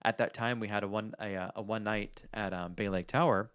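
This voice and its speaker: A man co-hosting a podcast in casual chat, an animated storyteller who acts out the people he quotes. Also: lowish voice, fairly quick, clean tone, no room sound, studio quality. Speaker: podcast co-host.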